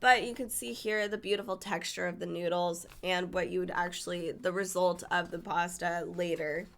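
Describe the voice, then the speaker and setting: Bright-voiced woman chatting through a cookbook. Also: lowish voice, fairly even intonation, moderate pace, vocal fry. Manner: chatty, enthusiastic, stumbles over Italian names. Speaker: cookbook reviewer. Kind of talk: casual book flip-through.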